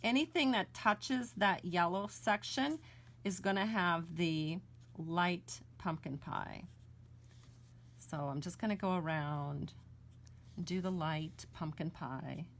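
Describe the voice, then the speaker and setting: A middle-aged American woman with a fairly low, slightly bright voice takes her time, with a little hiss or hum in the background. She chats casually and homily, correcting herself as she colors and walks through card-making step by step in a relaxed crafting tutorial.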